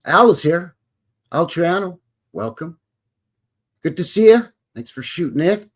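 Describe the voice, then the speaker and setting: Folksy husky-voiced man hosting a livestream. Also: fairly high pitch, very animated, a little slow. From Alberta, Canada. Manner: folksy cowboy talk, greets chatters warmly. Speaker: livestream host. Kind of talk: casual live-stream chat.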